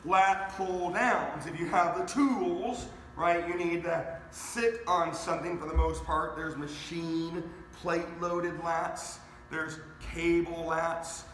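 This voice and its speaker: A man coaching a live online workout, energetic and counting reps aloud as he talks straight to viewers. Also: a little high, slow, few pauses, a little hiss or hum. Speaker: fitness coach. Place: garage home gym. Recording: echoey room with faint ambience.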